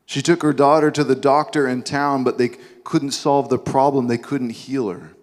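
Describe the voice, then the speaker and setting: A man's voice: mid-range voice, steady tone, normal speed. A male preacher telling a Bible story dramatically, with asides, in a large sanctuary. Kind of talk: sermon. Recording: long hall reverb.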